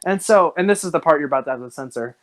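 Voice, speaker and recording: A young man tells a long, rambling story on a casual podcast, stopping now and then to laugh at his own jokes. His voice sits a little high, and the recording is close and dry with no room sound. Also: animated, rapid-fire, dry recording, rough recording. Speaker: podcast co-host.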